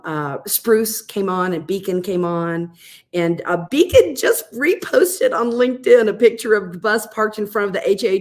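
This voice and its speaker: Middle-aged woman guest, animated storyteller, mid-pitched, chatty and filler-heavy. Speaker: podcast guest. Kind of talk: casual storytelling.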